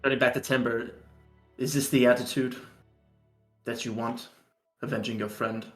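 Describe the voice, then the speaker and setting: A man's voice: mid-range voice, level tone, moderate pace. A man playing a tabletop role-playing game who narrates his own character's actions. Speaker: player. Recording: echoey room with faint music.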